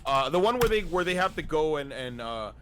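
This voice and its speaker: A man's voice: fairly high pitch, very animated, brisk, fairly bright tone. Rambling man in casual chat, faint hiss. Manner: rambling with many restarts and fillers. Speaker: guest on a streamed anime discussion.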